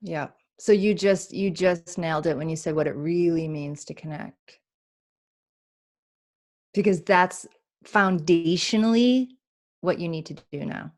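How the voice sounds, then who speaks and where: A woman healer giving a spiritual reading on a talk show, speaking in an animated way, acting out inner voices and laughing often. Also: on the low side.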